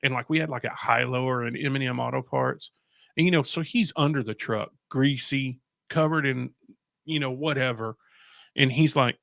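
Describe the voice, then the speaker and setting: A man, a radio guest telling animated stories in a casual chat and chuckling as he goes. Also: mid-range voice, normal speed, vocal fry, no echo, clean studio sound.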